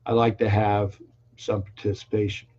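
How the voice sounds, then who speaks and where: A man's voice: on the low side, level tone, normal speed, mellow. An older man hosting a casual call-in sports talk show, chatty and rambling, often restarting his sentences. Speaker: radio call-in show host. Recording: dull lo-fi stream audio.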